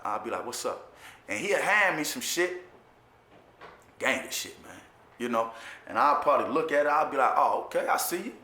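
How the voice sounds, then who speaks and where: A middle-aged man recounting his years inside in blunt, profane street talk, hammering his points home by saying them again and again. His voice is bright and forceful and sits at an average pitch. The sound carries a noticeable echo from the room. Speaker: former prisoner telling his story. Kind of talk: personal storytelling to camera.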